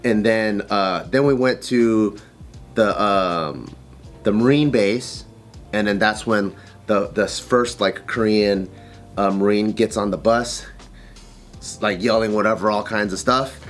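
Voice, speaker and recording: A man telling a casual story as a guest, relaxed and profane, often laughing. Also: lowish voice, slow pace, faint music behind.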